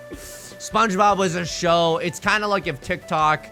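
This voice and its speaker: A young man streaming a game, chatting casually and rambling excitedly to himself and his viewers. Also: high-pitched, slow. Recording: faint music under the voice.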